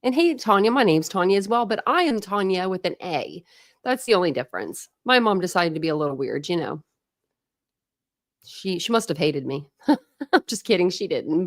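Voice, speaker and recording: A woman's voice: medium pitch, no room sound, studio quality. A woman hosting a casual livestream from home, chatty and breathless, greeting viewers by name with frequent laughs. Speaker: livestream host. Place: home room with dogs.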